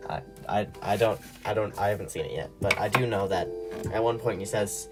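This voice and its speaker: A man's voice: fairly low pitch, fairly even intonation, fairly quick. A young man chatting casually on a livestream while he draws, rambling and laughing at himself. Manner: rambling, giggly, self-deprecating. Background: background music.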